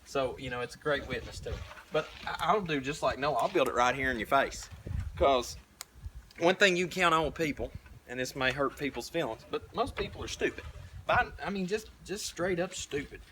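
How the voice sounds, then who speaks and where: A young prepper vlogger from the American South gives a folksy, blunt, rambling talk as he paints outside at a tiny house site, frequently starting over. His voice is a little high, animated, bright, and forceful at normal speed, with slight background noise.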